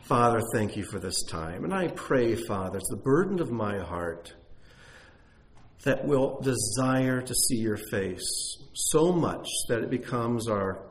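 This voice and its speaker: A man teaching a congregation in an animated, conversational sermon, with self-deprecating asides. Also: mid-range voice, unhurried. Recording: echoey room, faint noise.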